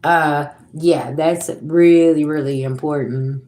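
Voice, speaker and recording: A woman's voice: sits low, steady tone, slow pace, dark tone. A woman in her forties talking casually on a livestream, blunt and emphatic, swearing freely and speaking straight to her viewers. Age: 40s. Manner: addresses viewers directly. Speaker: psychic livestreamer.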